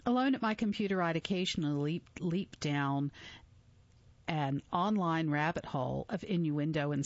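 A woman in her forties narrating a memoir audiobook in a measured, reflective way. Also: sits low, no room sound, muffled recording.

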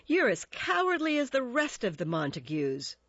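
A harsh young swordsman who sneers and threatens, as a woman reading a story puts him on. He speaks with deliberate, jeering menace. The recording is dry and a little dull. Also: fairly low pitch, expressive, fairly bright tone, no room sound, full character voice. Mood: menacing.

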